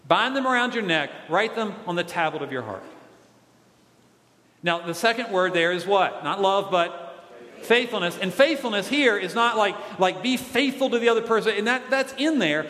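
A man preaching a sermon as a pastor, animated, asking the congregation to call back answers. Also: high-pitched. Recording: echoey hall.

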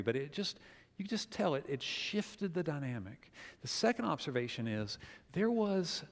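A middle-aged man preaching a sermon, telling a family story in an animated way and acting out the quotes. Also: medium pitch. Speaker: pastor. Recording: long hall reverb.

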